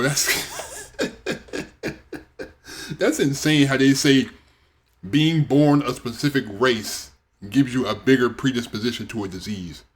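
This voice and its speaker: A man hosting a reaction video, chatting casually and talking back at the clip in loose, slangy speech. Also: medium pitch.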